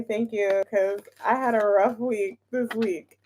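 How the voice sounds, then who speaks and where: A woman's voice: fairly high pitch, fairly even intonation, a little slow, noisy background. A woman hosting a tarot livestream, chatting casually and giggling as she greets viewers by name.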